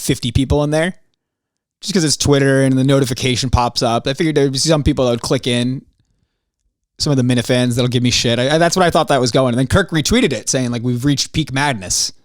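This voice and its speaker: A male podcast host delivers a casual solo monologue in a mid-range voice, speaking a little fast. He rants and swears, and his pitch jumps up when he gets worked up. The recording is dry and studio quality.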